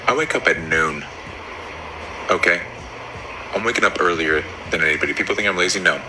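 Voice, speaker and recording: A man doing a stand-up bit in a deadpan, bragging manner. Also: deep voice, fairly quick. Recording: noisy background.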